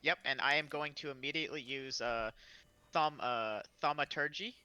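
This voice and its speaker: A woman's voice: extremely low pitch, moderate pace, sharp tone, dry recording, rough recording. A woman playing a tabletop game, describing her character's actions with stammering restarts. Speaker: player.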